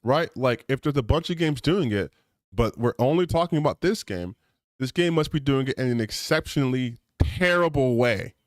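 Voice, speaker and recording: Man, gaming streamer, angry rant, sarcastic, swears a lot, dry close mic, mid-pitched. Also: expressive, moderate pace, no echo. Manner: heated, sarcastic, swears often. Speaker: streamer commentator. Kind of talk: ranting stream commentary.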